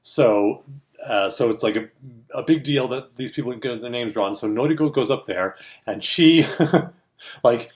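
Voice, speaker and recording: With a mid-range voice and a slightly slow pace, this co-host of a film industry show relates a story in a casual, animated way. He frequently laughs and performs the voices of the people he quotes.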